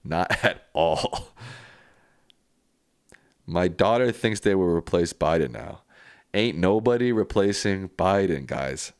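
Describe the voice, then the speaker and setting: A man with a very low voice hosts a live stream, reading out viewer comments and giving casual, plainspoken answers. The sound is dry and close, with no room echo. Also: expressive, slow pace, pauses often, clear, resonant tone.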